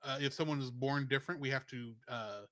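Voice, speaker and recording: A man co-hosting a casual film discussion podcast, laying out his points in a measured way. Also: medium pitch, fairly even intonation, a bit bright. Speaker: podcast co-host.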